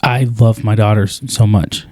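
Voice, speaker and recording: Earnest halting man, mellow voice. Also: fairly low pitch, fairly even intonation, no room sound. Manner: earnest, halting, many restarts. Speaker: podcast co-host. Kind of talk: casual podcast conversation.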